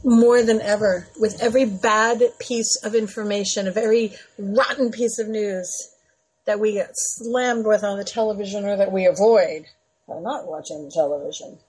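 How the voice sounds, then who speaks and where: A woman's voice: mid-range voice, fairly even intonation, normal speed, darkish tone, husky, poor audio. A woman in her forties hosting a radio talk show, chatty and earnest, laughing often.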